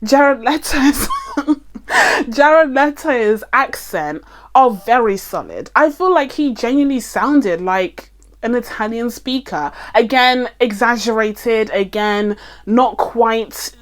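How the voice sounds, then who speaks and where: Chatty woman reviewing a film, higher voice. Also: slow. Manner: chatty, emphatic, laughs often mid-sentence. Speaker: movie reviewer. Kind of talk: casual chat to camera.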